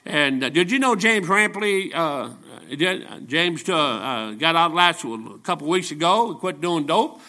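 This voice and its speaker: A man's voice, pitched a little high and ringing with a bright edge, carries a church sermon. He preaches as a traveling evangelist, telling down-to-earth stories and often doubling back to restart a sentence. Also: expressive, unhurried, hardly any pauses. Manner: folksy, storytelling preaching with frequent restarts.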